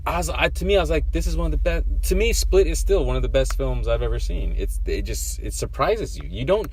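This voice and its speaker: An excitable man co-hosting a movie podcast, his pitch swinging up and down. He swears freely and jumps between thoughts mid-sentence. It is loose, casual chat between friends. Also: a little fast, a little hiss or hum. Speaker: podcast co-host.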